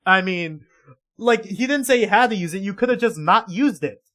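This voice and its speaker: A man's voice: sits high, lively intonation, moderate pace, sharp tone. A man livestreaming casual reaction commentary, rambling and swearing heavily in an exasperated way.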